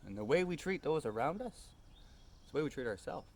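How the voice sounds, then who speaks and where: A man telling a personal story in a calm, unhurried way, often ending lines with a tag question. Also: on the high side.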